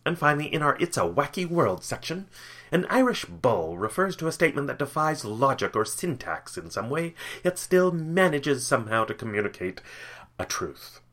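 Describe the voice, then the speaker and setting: A man's voice: fairly high pitch, very animated, moderate pace, a bit bright. A man hosting a podcast, reading workplace tips in an upbeat, playful, jokey way. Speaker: podcast host.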